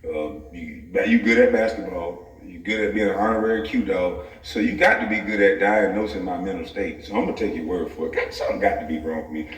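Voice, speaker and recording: In a low voice, a little fast and with hardly any pauses, this man rants comically and profanely to camera in his home office vlog. Laughter keeps breaking into his sentences in a loose, easy way. He's recorded from a distance in an echoey room.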